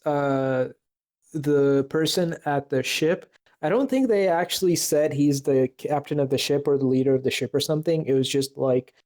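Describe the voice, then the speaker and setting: A man's voice: mid-range voice, darkish tone. A man co-hosting a casual podcast, talking in a hesitant way with many fillers and restarts. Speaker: podcast co-host. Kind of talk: casual chat.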